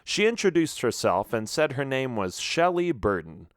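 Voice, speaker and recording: Expressive male audiobook narrator. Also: mid-range voice, moderate pace, no room sound, clean studio sound. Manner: expressive storytelling.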